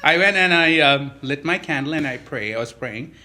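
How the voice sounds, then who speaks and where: A man who is a Catholic priest, telling a personal story in a conversational interview, animated and laughing often. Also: on the high side, moderate pace.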